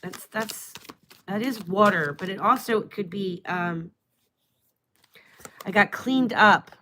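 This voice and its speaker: A woman's voice: mid-range voice, slow pace, bright, forceful tone, slight background noise. A woman giving a live-stream tarot reading, musing aloud and trailing off as she asks the cards questions. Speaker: tarot and astrology reader.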